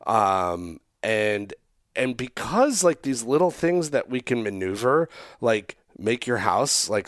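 A man hosting a podcast in a casual chat, talking in a relaxed, rambling way with plenty of fillers. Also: medium pitch, no room sound, clean studio sound. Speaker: podcast host.

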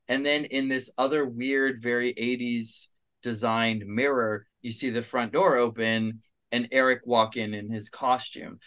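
A man's voice: medium pitch, fairly bright tone. A man who is a documentary filmmaker, guest co-hosting a podcast and talking eagerly about camera shots in casual chat. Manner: enthusiastic, analytical about shots.

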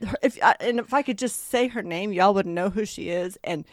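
A woman co-hosting a podcast in casual chat, telling stories in a rambling, animated way full of fillers. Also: mid-range voice, brisk, no echo, studio quality. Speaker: podcast co-host.

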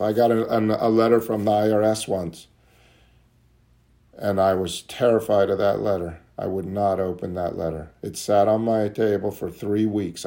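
This is candid personal talk from a man at a recovery meeting. He interrogates himself aloud, going quiet and low whenever he speaks his private thoughts.

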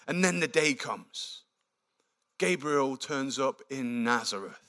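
A man preaching a sermon, telling the story with animated, acted-out quotes. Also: mid-range voice, slow.

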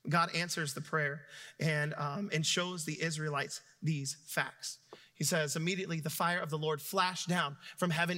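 A young adult man preaching a sermon, retelling scripture with animated storytelling and playful asides. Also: a little high, normal speed. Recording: long reverb of a hall.

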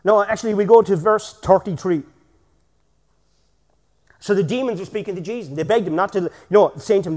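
A man preaching energetically in a church, with bursts of shouting and a constant "amen?". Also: sits high, fairly quick, long reverb tail. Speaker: pastor. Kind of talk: sermon.

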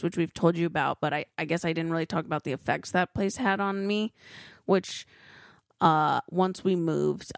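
A woman's voice: deep voice, gravelly, no echo, studio quality. A woman co-hosting a podcast, telling stories in a rambling, emotive way. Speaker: podcast co-host. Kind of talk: casual chat.

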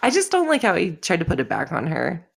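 A woman's voice: fairly low pitch, wildly swooping pitch, fast talker, vocal fry, breathy edge. A woman hosting a casual podcast chat, laughing often and swearing freely. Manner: swearing, laughing, spoiler-savvy. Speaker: podcast host. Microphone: desk microphone.

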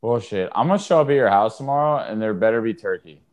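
A man's voice: fairly low pitch, lively intonation, fast talker. A man co-hosting a live podcast, incredulous and exasperated, swearing as he argues his point. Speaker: podcast co-host. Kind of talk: casual live podcast banter.

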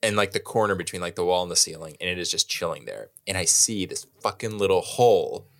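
A young man co-hosting a podcast, telling a long story in a casual, animated, self-mocking way and swearing freely. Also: low-pitched, fast talker. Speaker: podcast co-host.

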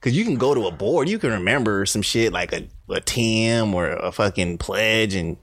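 A man's voice: lowish voice, animated, normal speed, a bit bright, dry recording. A young man co-hosting a podcast, telling stories loosely with lots of slang in casual chat. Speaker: podcast co-host.

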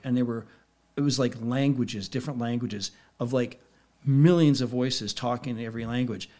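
A middle-aged man, a podcast guest, recounting a personal experience in a quiet, reflective way with pauses. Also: medium pitch. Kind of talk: personal storytelling in an interview.

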